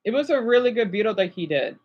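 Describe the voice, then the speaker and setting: Agitated and overwhelmed, a male livestreamer rambles through reaction commentary, stammering, restarting sentences and apologizing often as the stress shows. His voice sits high and sing-song at a quick pace, and the audio has its highs cut off.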